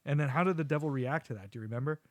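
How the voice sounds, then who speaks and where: A middle-aged podcast host eagerly recaps an episode in casual chat, talking rapid-fire in a fairly high-pitched voice. He's an animated storyteller who acts out quotes and laughs often, with no room sound in the recording.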